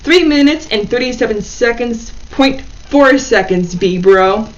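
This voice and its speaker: A teasing young woman diplomat, read aloud by a woman, with a fairly high voice. The sound is a little dull, like a lo-fi recording. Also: lively intonation, a little slow. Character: teasing eighteen-year-old female diplomat.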